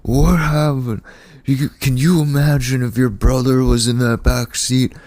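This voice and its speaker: A man's voice: medium pitch, fairly even intonation, a little slow, darkish tone, dry recording, clean studio sound, voice pushed up, natural voice. A man imitating his drunk, frantic middle-aged father pleading repetitively over the phone.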